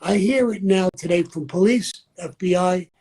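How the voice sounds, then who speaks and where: An older man with a mellow, warm voice. He speaks bluntly in a loose, conversational interview style, circling back and repeating his points. His pitch sits a little high for a man. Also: normal speed, slightly rough, rough recording. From New York. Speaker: interview guest. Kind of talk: candid interview talk.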